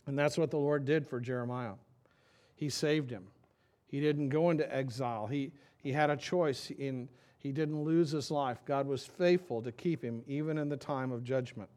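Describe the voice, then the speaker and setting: A middle-aged man preaching a sermon, reading scripture dramatically and dropping to a quiet, intimate tone. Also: mid-range voice, moderate pace. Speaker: pastor.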